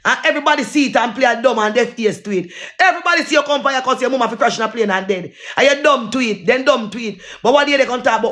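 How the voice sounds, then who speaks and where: High-voiced Jamaican man ranting. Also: lively intonation, fast talker, fairly bright tone. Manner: heated, repetitive taunting in patois. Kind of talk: live-stream rant.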